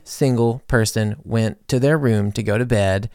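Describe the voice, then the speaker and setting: Podcast host, young man. Gravelly, dry close-mic sound. Chatty and animated storyteller. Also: mid-range voice, normal speed, no room sound. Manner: chatty, animated, lots of fillers and acted-out quotes. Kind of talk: casual storytelling monologue.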